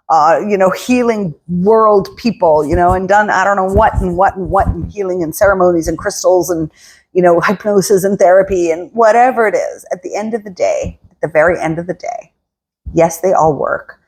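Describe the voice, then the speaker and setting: A woman's voice: medium pitch, a little mellow. A woman working as a spiritual coach, giving a casual motivational talk and acting out inner voices in quotes.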